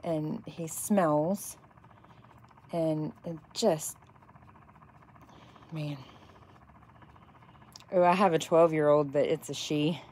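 A woman in her thirties from north central Texas, with a softened Texas accent, chatting casually with viewers while she works on epoxy cups. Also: sits low, fairly even intonation, very slow, long pauses, a little hiss or hum. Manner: chatty, rambling, reacts to chat comments. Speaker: crafter making epoxy cups. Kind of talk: casual chat while crafting.

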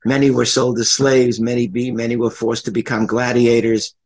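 Husky older rabbi giving a lecture. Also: male voice, medium pitch, level tone, normal speed, darkish tone, rough recording. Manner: earnest storytelling, repeats key phrases, restarts sentences. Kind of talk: Torah lecture.

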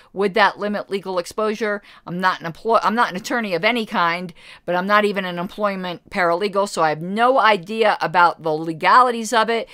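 A woman's voice: medium pitch, a bit bright, no echo, studio quality. A woman hosting a casual livestream, answering chat questions in a rambling, blunt way and correcting herself as she goes. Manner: chatty, rambling self-corrections, blunt asides. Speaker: party committee member hosting a livestream.

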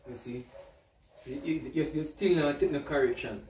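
A man's voice: a little high, moderate pace, darkish tone, a little hiss or hum. A man with a Jamaican accent lecturing his partner in a casual argument, repeating himself insistently. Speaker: vlogger husband. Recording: echoey room, mic far off.

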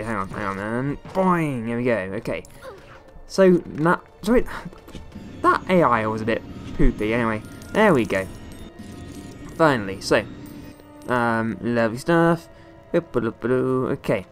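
A young man chats through a video game in a playful, rambling way. His pitch bounces around a lot, and he often breaks into squeaky high exclamations. Faint background music plays under his voice. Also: fairly bright tone. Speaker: gaming YouTuber. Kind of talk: let's play commentary.

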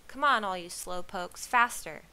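Gruff bossy trog dad barking orders at his family in a storybook, as a lady reading aloud puts him on. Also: lowish voice, expressive, normal speed, bright, forceful tone, low-quality recording.

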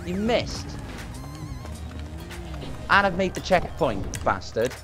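A man's voice: a little high, big pitch swings, unhurried. A young man gaming with a friend, teasing him, swearing and laughing often. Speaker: gaming YouTuber. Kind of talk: gameplay banter. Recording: game music behind.

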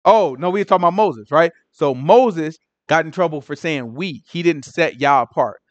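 A man leading a Bible study in an animated, conversational way, repeating phrases and asking the group questions. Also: fairly high pitch, moderate pace, dry recording, lo-fi sound.

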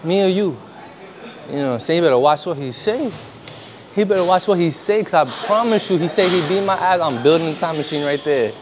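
A young male vlogger with a fairly high, lively voice chats quickly and casually between sets at the gym, full of slang and swearing as he tells stories and laughs. A crowd can be heard behind him.

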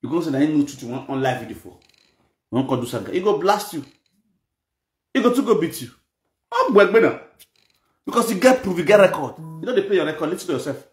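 A man's voice: on the high side, lively intonation, fairly quick, long pauses. A man speaking in a Nigerian Pidgin accent, giving mocking, scolding gossip commentary and repeating lines for emphasis. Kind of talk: ranting commentary. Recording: echoey room.

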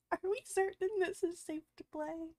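A woman's voice: very high voice, fairly even intonation, slow, darkish tone, no room sound, clean studio sound. A woman streaming a horror game, squeamish and nervous, repeating words and laughing often through a headset mic.

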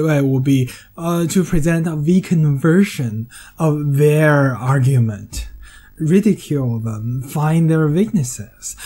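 Man, English speaker, essay narration: mellow, dry humor, hesitant fillers. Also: a little high, slow pace, husky. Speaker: video essayist. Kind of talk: scripted monologue.

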